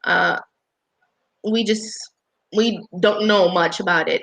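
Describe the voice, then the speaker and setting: A woman's voice: mid-range voice, steady tone, takes it slowly, gravelly, a bit bright, poor audio. Conversational woman health worker, congested. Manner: conversational, with frequent restarts and fillers. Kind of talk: casual panel discussion.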